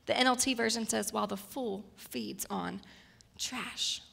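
A woman's voice: a little high, steady tone, unhurried, vocal fry, fairly bright tone. A woman in her thirties preaching a personal, story-filled sermon. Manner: personal, storytelling, gets emotional and tearful at times. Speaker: guest speaker.

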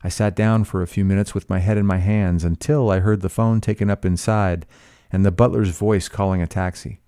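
Male narrator, measured classic-lit reading, deep smooth voice, dry close sound. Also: fairly even intonation, mellow, no room sound. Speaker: audiobook reader. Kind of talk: scripted novel narration.

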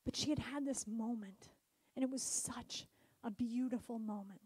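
A middle-aged woman pastor preaching a sermon, telling stories and swinging from loud emphatic lines to soft near-whispers. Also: fairly high pitch, normal speed, husky, no echo.

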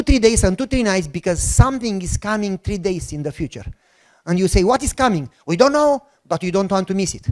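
A man with a Romanian accent telling a personal testimony as a sermon, acting out the dialogue and bursting into shouts. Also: high voice. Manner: animated storytelling with acted-out dialogue and shouted outbursts. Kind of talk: sermon storytelling.

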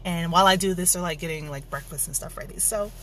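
A woman's voice: fairly low pitch, quick pace, a bit bright, slight background noise. A young woman vlogging in a bubbly, gushing, chatty way. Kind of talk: casual vlog narration.

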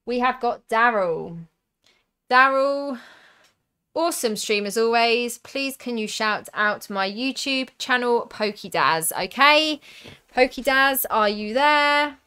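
Young southern english woman streaming, bright clear voice, slow and chatty, reading out cards and chat. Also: fairly high pitch, expressive. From southern England. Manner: chatty, reads out cards and viewer comments. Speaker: streamer opening card packs.

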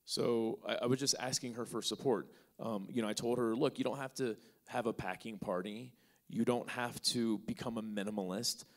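Here the male podcast host's voice sits at a medium pitch and moves at a moderate pace. Before a live crowd, he responds to an audience member's question with a story, acting out each side of the dialogue casually and with plenty of fillers.

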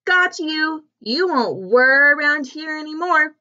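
A woman voicing a cheerful, bold young female alligator in a storybook reading, with a bouncy, excited manner. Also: sits high, slow, dull audio, pitched above the performer's own voice, heavily acted. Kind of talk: storybook character voice.

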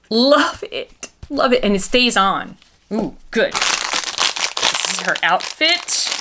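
A woman's voice: medium pitch, expressive, a little slow, long pauses, sharp tone. A woman chatting casually while unboxing and dressing dolls, gushing and goofy, with gasps and playful asides. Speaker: doll collector vlogger.

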